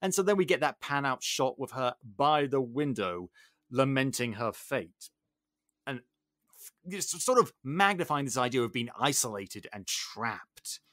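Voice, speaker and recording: British man, podcast host, casual chat, excitable, sarcastic, lively pitch, dry close sound. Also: a little slow, no room sound.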